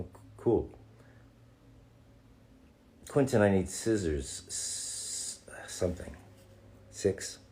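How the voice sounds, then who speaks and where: A man's voice: low voice, warm tone. A man, a voice actor, answers fan questions on a live stream, reading the chat aloud in a playful, joking way and calling fans darling.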